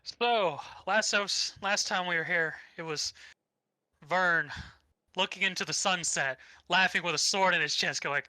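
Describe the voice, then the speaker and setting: A man's voice: sits high, measured pace, sharp tone, dry recording, low-quality recording. A young man co-hosting a podcast, rambling through a casual anime recap with easy swearing. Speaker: podcast co-host.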